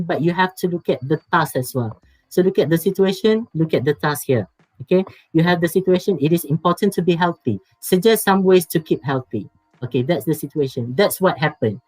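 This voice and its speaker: A man with a Malaysian English accent, teaching an exam preparation lecture, emphatic and repetitive, trailing off into soft asides. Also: a little high, no room sound, rough recording. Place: online workshop.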